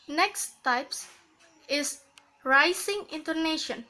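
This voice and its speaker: A woman giving a recorded class presentation, reading carefully phrase by phrase with pauses. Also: high voice, bright, forceful tone. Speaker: student presenter.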